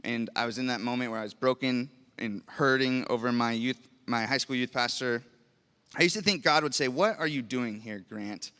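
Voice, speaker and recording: In a church sanctuary, a young adult pastor preaches with a medium-pitched, smooth voice that sounds pushed and bright, and his pace is brisk. He's earnest and personal, posing rhetorical questions and sharing stories from his own life. The large hall leaves a long reverb on the recording.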